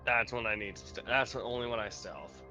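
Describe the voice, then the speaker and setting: A man's voice: mid-range voice, a little fast, pushed and bright, faint music behind, low-quality recording. A man player talking casually about video games in a blunt, emphatic way.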